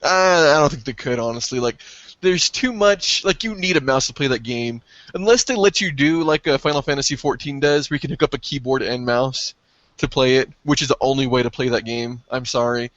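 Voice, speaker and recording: A man co-hosting a casual gaming podcast, excitable and profane, breaking into yelps when something thrills him. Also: mid-range voice, fairly quick, no echo, highs cut off. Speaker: podcast co-host.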